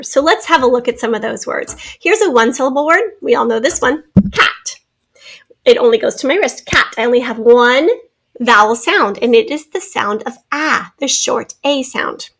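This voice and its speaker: A woman teacher giving a spelling and phonics lesson, sounding out words slowly and carefully. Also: sits high, fairly bright tone. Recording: recorded lesson video.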